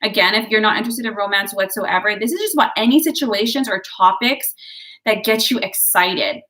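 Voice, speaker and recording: A woman's voice: mid-range voice, a little fast, sharp tone. A woman giving a casual, chatty tarot and horoscope reading, encouraging her viewers and drifting into side stories. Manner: chatty, digressive, encouraging, addresses viewers as guys. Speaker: tarot and astrology reader.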